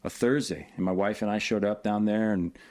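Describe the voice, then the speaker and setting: Animated male podcast guest telling stories. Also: on the low side, a little fast. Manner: animated, lots of filler phrases. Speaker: podcast guest, tournament organizer. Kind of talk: casual storytelling.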